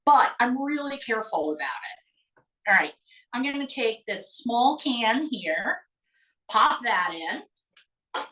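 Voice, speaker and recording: A woman's voice: a little high, animated, unhurried, fairly bright tone, echoey room, distant mic, poor audio. Bubbly woman teaching a cooking class. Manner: bubbly, chatty, greets viewers by name. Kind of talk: live online cooking demonstration.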